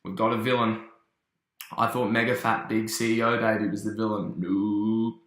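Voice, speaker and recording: A man casually recapping and reviewing a cartoon episode, telling it as an animated story with quick asides. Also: on the low side, reverberant.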